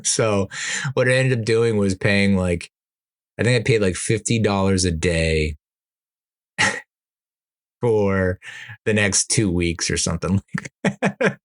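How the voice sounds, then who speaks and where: A deep-voiced man chatting alone into a podcast mic, telling stories in a loose, rambling way. He laughs between sentences and breaks into exasperated asides. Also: slow pace, pauses often. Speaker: podcast host. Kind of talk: casual solo podcast chat.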